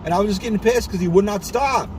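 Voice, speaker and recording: A frustrated man rants, swearing often and going over the same complaint again and again. His voice sits high for a man. Clear traffic and car noise runs behind him from outdoors. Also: fast talker. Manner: frustrated, profane, repetitive ranting. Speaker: warehouse worker. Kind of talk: casual venting.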